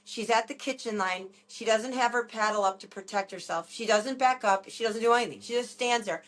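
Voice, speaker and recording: Animated woman telling stories on a podcast. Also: a little high, a little fast. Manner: animated storyteller, laughs often. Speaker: podcast co-host. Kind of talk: casual chat.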